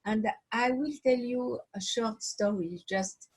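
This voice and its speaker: A woman from Switzerland, a watch designer, telling her story in an interview over a video call, halting and often restarting as she searches for words. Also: on the high side, husky, low-quality recording.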